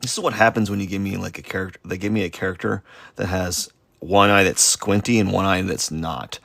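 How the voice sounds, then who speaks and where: A man with a low, gravelly voice talks loosely as he draws on a livestream. He wanders off topic, pokes fun at himself and restarts his sentences often. The sound is close and dry, with no room around it. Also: steady tone, brisk, a bit bright, no echo. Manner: rambling and self-deprecating, with many fillers and restarts. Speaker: artist streaming a live drawing session. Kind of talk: casual rambling chat while sketching.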